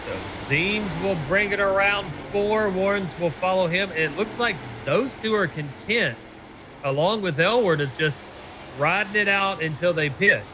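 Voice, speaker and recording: Chatty higher-voiced race commentator. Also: male voice, measured pace. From Tennessee. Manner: chatty, joking, teasing his co-host. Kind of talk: sim racing broadcast commentary. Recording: steady background noise.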